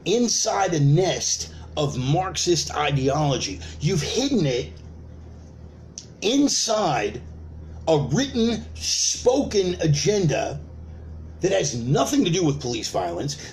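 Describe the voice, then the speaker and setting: Animated, profane ranting preacher man. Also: a little high, a little slow, a little hiss or hum. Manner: profane, emphatic, uses repetition and rhetorical questions. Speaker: preacher of an online sermon. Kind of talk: ranting sermon.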